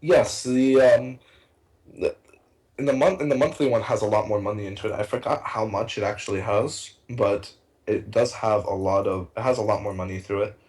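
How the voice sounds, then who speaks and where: A young man co-casting a card game tournament in a casual, rambling, excitable way, with many fillers and restarts. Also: on the low side, moderate pace, low-quality recording. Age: young adult. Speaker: tournament co-caster.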